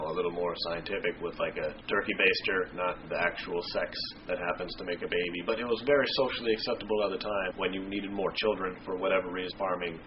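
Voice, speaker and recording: Fast-talking man, lo-fi recording. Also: sits low, noisy background. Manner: irreverent, joking, slangy. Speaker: Bible study video host. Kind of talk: scripture reading and casual explanation. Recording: dull lo-fi home recording.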